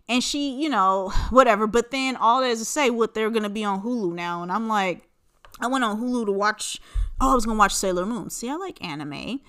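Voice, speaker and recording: A woman's voice: a little high, animated, fairly quick, fairly bright tone. A woman in her forties hosting a casual solo podcast, talking in a blunt, profane, rambling way with lots of fillers. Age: 40s. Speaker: podcast host.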